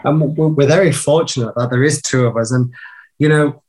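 A man's voice: mid-range voice, a little fast, darkish tone, poor audio. Chatty male podcast host. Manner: chatty and candid, with small restarts. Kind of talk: casual podcast chat.

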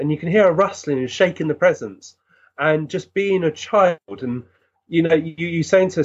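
A man, a guest recounting experiences in an animated, earnest way with many restarts. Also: a little high, a little fast, breathy edge, dull audio. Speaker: guest, physical medium. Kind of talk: storytelling in conversation.

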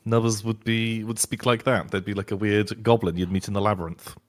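A man co-hosting a podcast in casual chat, playful and quick to laugh. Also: fairly low pitch, flat delivery. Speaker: podcast co-host.

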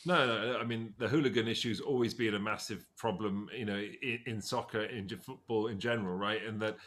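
A man with an English accent, a guest telling stories in a relaxed, self-deprecating, rambling way. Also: lowish voice, a little fast. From England. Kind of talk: casual interview chat.

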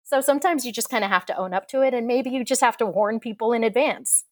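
A woman engineer guest on a podcast interview, talking in a passionate, expressive way and laughing often. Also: fairly high pitch, fast talker, no room sound. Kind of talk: casual interview conversation.

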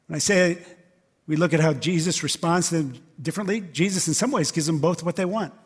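A man's voice: a little high, fairly quick, slightly rough, long reverb tail. Man preaching an emphatic, conversational sermon. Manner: emphatic, conversational preaching with repeated rhetorical questions. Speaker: pastor. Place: church service.

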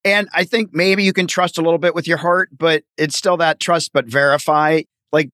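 Friendly man hosting a chat, higher voice. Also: steady tone, normal speed, few pauses, bright, forceful tone, no room sound, clean studio sound. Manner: friendly, acts out quoted voices. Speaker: podcast host and accountant. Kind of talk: casual interview chat.

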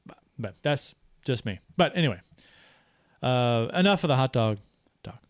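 A man's voice: medium pitch, lively intonation, moderate pace, no echo. A man co-hosting a casual hockey podcast, rambling with many restarts. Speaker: podcast co-host.

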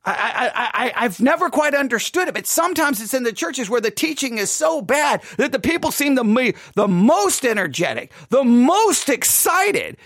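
A man's voice: very high voice, sing-song, normal speed, hardly any pauses, fairly bright tone, no echo, clean studio sound. A man reviewing a sermon in critical commentary, perplexed and questioning, often stammering as he restarts his thoughts. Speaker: podcast host reviewing a sermon.

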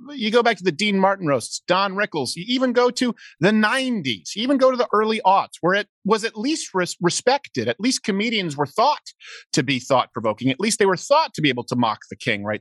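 A man in casual podcast chat, sarcastic and opinionated, talking in rambling animated bursts. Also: sits high, no room sound. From Canada. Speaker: podcast guest, show host.

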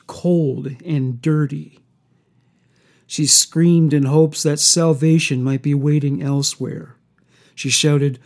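Man, horror story narrator, slow steady delivery, slightly high voice.

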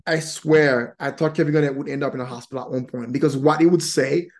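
A man's voice: mid-range voice, fairly even intonation, fast, darkish tone. A man co-hosting a podcast, building an argument with a sports example while searching for his words. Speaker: podcast co-host. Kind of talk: casual podcast discussion.

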